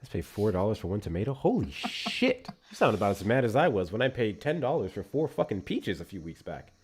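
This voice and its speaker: A man hosting a casual political livestream, talking in an animated, profane, mocking way. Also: lowish voice, fairly quick, husky. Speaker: livestream host.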